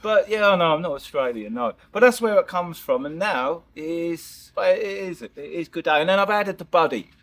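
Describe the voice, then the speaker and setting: A man's voice: on the high side, animated, normal speed, few pauses, fairly bright tone. An English man with a Norwich accent chatting in a casual interview, rambling and laughing with many restarts. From England. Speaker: vlogger, interview guest. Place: outdoors at a lakeside park.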